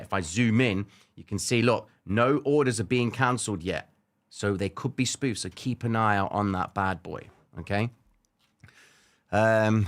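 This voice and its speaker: A man hosts a live trading stream from his desk mic. His voice is mid-pitched and his delivery is animated but relaxed, talking straight to the viewers and reading off price levels as he goes. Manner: casual, animated, talks straight to viewers with frequent "okay?". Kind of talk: live market commentary chatting with viewers.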